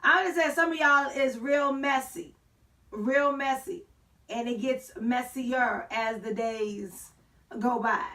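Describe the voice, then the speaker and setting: A woman hosts a casual online talk show, riffing in playful slang with sassy asides. Her voice sits high and bright. She sounds a touch distant from the microphone. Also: fairly even intonation, takes it slowly. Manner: sassy, playful slang, sings and shouts for effect.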